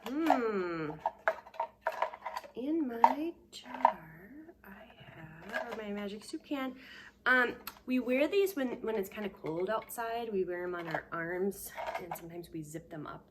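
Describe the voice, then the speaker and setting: A woman teaching a remote preschool lesson, patient and sing-song, sometimes dropping to a hushed whisper to give clues. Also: mid-range voice, lively intonation, moderate pace, heavy background noise. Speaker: daycare teacher.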